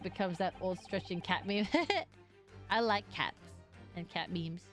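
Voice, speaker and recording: A woman's voice: fairly low pitch, steady tone, measured pace, a bit bright, soft background music. A woman streamer giving casual, joking commentary over a game, blunt and swearing casually as she reacts.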